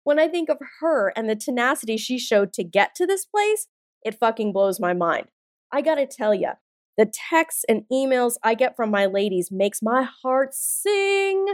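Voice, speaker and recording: A woman's voice: a little high, animated, moderate pace, no room sound. Emphatic, blunt woman podcast host. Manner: emphatic, blunt, punchy and profane. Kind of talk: motivational podcast monologue. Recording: dry studio sound with faint music.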